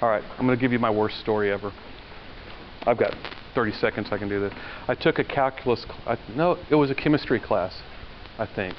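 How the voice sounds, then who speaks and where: A man's voice: fairly low pitch, fairly quick. Man lecturing casually in a hall. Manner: conversational, asks the class questions, tells anecdotes. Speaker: university lecturer. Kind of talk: classroom lecture. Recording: dull lo-fi lecture recording with faint noise.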